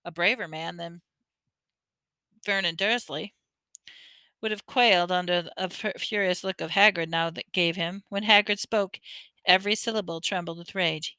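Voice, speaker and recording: A woman reading a novel aloud with expressive storytelling and small slips, close to a dry mic. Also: lowish voice, moderate pace, long pauses, clean tone, no room sound. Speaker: audiobook reader.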